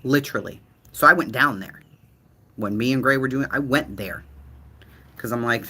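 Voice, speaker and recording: Animated true-crime host. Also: male voice, medium pitch, moderate pace, pauses often, husky. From Boston, USA. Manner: animated, profane, dramatic repetition.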